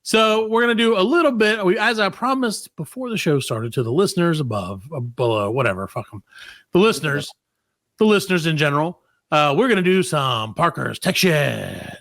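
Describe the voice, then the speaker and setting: A man's voice: fairly high pitch, animated, normal speed, fairly bright tone, no room sound, studio quality. A man hosting a comedy podcast, joking loosely and reading tech news aloud in casual chat. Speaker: podcast host.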